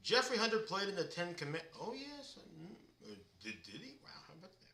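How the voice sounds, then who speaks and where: A man's voice: sits high, huge pitch swings, fairly quick, sharp tone, distant mic. A man with a drawl hosting a casual live-stream quiz, reading out viewers' names and answers in a chatty manner. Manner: chatty, reads viewers' names and comments aloud. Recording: echoey room, voice away from the mic.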